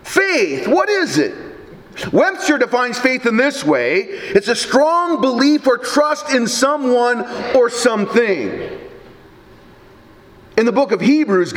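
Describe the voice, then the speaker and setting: A middle-aged pastor preaching a sermon, telling folksy stories with dry humor. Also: male voice, very high-pitched, a bit bright. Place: church. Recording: reverberant church sanctuary.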